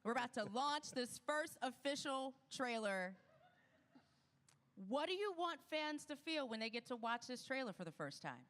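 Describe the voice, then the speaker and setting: Upbeat lady hosting a premiere interview, higher voice. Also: lively intonation, moderate pace, fairly bright tone. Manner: upbeat and enthusiastic. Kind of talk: live event interview.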